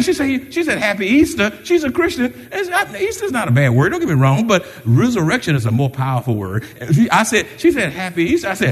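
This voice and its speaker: A pastor preaching a lively sermon, calling out to the congregation and driving his points with sudden raised emphasis. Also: high-pitched, moderate pace, husky, long reverb tail.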